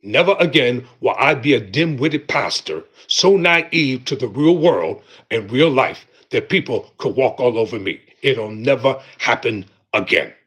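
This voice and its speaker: A middle-aged man hosting a livestream, giving an impassioned motivational monologue in an emphatic, preacherly way, with loud bursts and low, intense stretches. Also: expressive, measured pace, few pauses, breathy edge. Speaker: host of a livestream talk.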